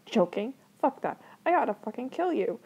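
A woman's voice: a little high, sing-song, moderate pace, vocal fry, warm tone, husky, dull audio, voice pushed up, exaggerated voice. A woman voicing an angry, protective older brother who swears and threatens in a fan story reading. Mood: furious. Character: furious protective older brother, young man.

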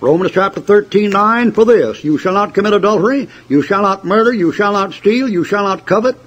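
Heard on a dull lo-fi sermon tape, an older preacher speaks in a high-pitched voice at a slightly fast pace. Before his church congregation he's fiery and folksy, poking fun at opponents and laughing at his own humorous stories.

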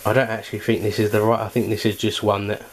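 A man's voice: on the low side, flat delivery, quick pace, a little hiss or hum. A man hosting a casual home cooking vlog, chatty and full of fillers, sometimes talking while eating. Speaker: cooking channel host.

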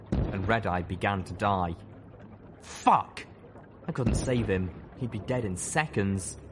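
A man reading a fan novel aloud as an audiobook, in intense first-person narration. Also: on the low side. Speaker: audiobook reader. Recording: noisy with battle sound effects.

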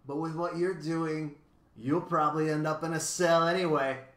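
Word-snatching bird from a storybook, cackling and gleeful, leaping into shrill, squawking highs, as a man reads him aloud. His voice is bright and sharp-edged, with a roomy echo. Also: steady tone, moderate pace, lightly acted. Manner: cackling, gleeful, twists words.

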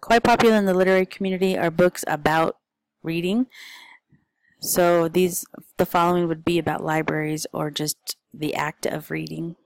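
A woman's voice: lowish voice, fairly even intonation, moderate pace, vocal fry, dry recording, low-quality recording. A woman, a parent, chatting casually and informally through a stack of picture book recommendations, with frequent ums and uhs.

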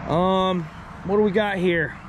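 Man vlogger, high and lively, rambling outdoors on a camera mic, traffic faint behind. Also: a little slow. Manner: excitable, swears freely, chatty asides. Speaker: paranormal explorer vlogger. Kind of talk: walking vlog narration to the camera.

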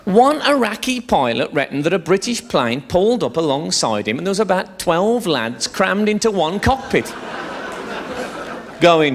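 A male stand-up comedian performs live on a theatre stage with a bawdy, swearing, chatty storytelling manner. His voice sits fairly high for a man and swings around a lot in pitch. A gravelly fry runs through it. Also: very animated, a little slow, crowd noise.

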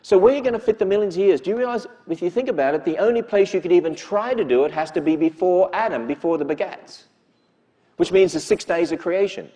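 A man's voice: sits high, fast talker, mellow. A man gives an emphatic lecture to a church audience, often putting rhetorical questions to them. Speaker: speaker addressing a church audience.

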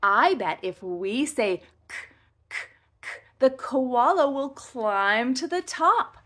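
A young woman teaching toddlers to talk, over-articulating each word and pausing for the child to repeat. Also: a little high, expressive, a bit bright. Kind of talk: slow, exaggerated speech lesson for toddlers.

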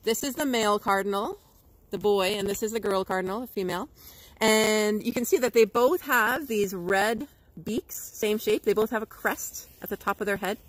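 A Canadian woman educator with a mid-range voice speaks at a moderate pace, giving schoolchildren a playful livestream nature lesson. She's bubbly and playful and imitates bird calls, though the recording is rough.

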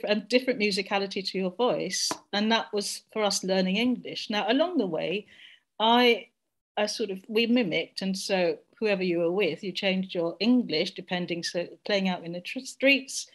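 Middle-aged woman from Jamaica, panelist on a video call, reflective, mid-pitched. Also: normal speed. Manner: reflective, searching for words. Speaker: discussion panelist. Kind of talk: personal reflection in a group discussion.

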